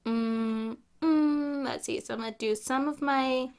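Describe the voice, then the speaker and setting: A woman's voice: sits high, moderate pace, darkish tone. A woman giving casual gameplay commentary, chatty and opinionated, with jokey asides. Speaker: gaming YouTuber.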